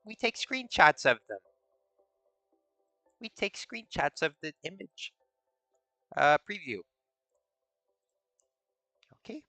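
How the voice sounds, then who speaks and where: Lively, playful streamer man. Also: fairly high pitch, takes it slowly, creaky, pauses often, dry recording, faint music behind. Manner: playful, rambling, musing aloud. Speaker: streamer host. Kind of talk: casual rambling stream chat.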